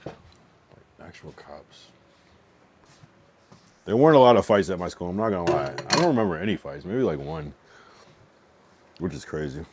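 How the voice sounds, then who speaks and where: Deep-voiced streamer man chatting casually. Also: lively intonation, normal speed, pauses often, a little mellow, a little hiss or hum. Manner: rambling, swears, talks back to chat. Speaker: livestreamer.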